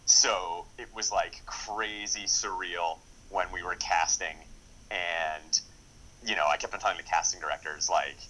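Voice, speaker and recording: A man with a very low voice and a bright, forward tone talks casually as a screenwriter and director. He rambles eagerly, stacking fillers and restarting sentences. His enthusiasm runs through the whole conversation. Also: fairly even intonation, measured pace, low-quality recording. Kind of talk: casual interview.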